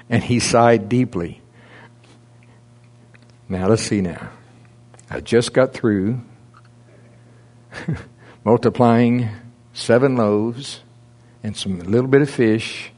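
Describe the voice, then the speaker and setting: A man's voice: lowish voice, a little mellow. A man preaching a casual, conversational sermon, reading scripture and explaining it with frequent chuckles.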